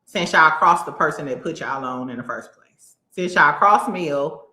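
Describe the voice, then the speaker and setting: A woman hosting a casual reality TV commentary, blunt and sassy, cursing freely and mocking people with quick impressions. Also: low voice, lively intonation, sharp tone, echoey room.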